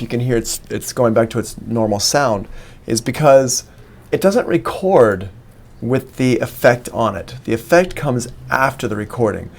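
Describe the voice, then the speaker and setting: A man's voice: medium pitch, creaky, slight background noise. A man giving a live-streamed music production lesson, explaining steps on screen one by one into a studio microphone. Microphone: studio microphone plugged into an interface.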